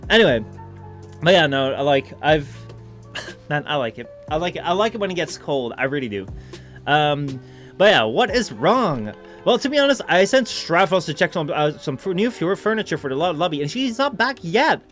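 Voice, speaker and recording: A young man from the Netherlands streams a video game with soft background music, rambling and joking with lots of "like" and "dude" and sometimes reading the game text aloud. His fairly high voice is sing-song and fairly quick.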